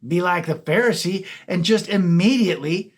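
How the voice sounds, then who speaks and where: A man with a fairly high voice gives a relaxed devotional talk. He speaks casually, with lots of "uh"s and restarts as he explains scripture. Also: moderate pace. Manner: casual, many fillers and restarts. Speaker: ministry chaplain.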